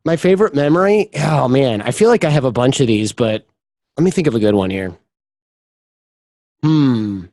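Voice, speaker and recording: A man's voice: medium pitch, animated, moderate pace, long pauses, darkish tone, dry recording. A man as a podcast guest, chatting candidly in an interview and telling personal stories, often acting out the voices of the people in them. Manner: candid storyteller, acts out quoted voices. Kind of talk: casual interview chat.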